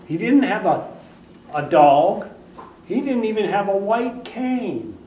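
Dramatic preacher, high and swooping. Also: male voice, sing-song, takes it slowly, roomy sound, recorded from a distance, a little hiss or hum, rough recording. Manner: dramatic storytelling with sudden swings from hushed to loud. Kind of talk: sermon.

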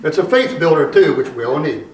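High-voiced man preaching in an echoey church. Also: big pitch swings, darkish tone. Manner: conversational preaching, slowing and rising for emphasis. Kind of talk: sermon. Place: church sanctuary. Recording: echoey room, voice from a distance.

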